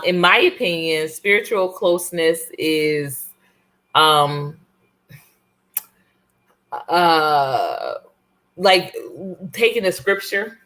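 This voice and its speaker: A woman co-hosting a relaxed couples talk show with her partner, talking casually with many fillers and restarts. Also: low-pitched.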